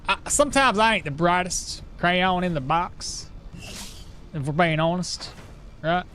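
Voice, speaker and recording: A man's voice: sits high, slow, fairly bright tone, a little hiss or hum. A man putting on a goofy southern drawl. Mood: folksy. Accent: put-on American Southern. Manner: drawling, folksy, grumbling. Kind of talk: playful accent put-on during gameplay.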